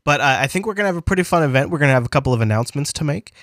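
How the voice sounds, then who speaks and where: A man's voice: a little high, animated, rapid-fire, a bit bright, no echo, studio quality. A man hosting a casual science podcast, rambling and playful, with a cold that strains his voice. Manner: rambling, self-correcting, playful asides. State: has a cold, losing his voice. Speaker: podcast host.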